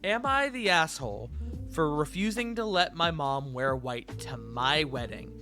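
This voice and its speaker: A man's voice: fairly high pitch, lively intonation, a little slow, over music. A man hosting a casual livestream, cursing freely and reading forum posts aloud to chat. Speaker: streamer host.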